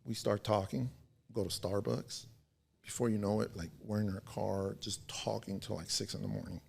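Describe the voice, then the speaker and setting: A man in his forties with a low, gravelly, husky voice tells stories on a podcast. He sounds laid-back and slangy, swears freely and keeps checking in with his listeners. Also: steady tone, normal speed. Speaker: podcast guest. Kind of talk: casual storytelling.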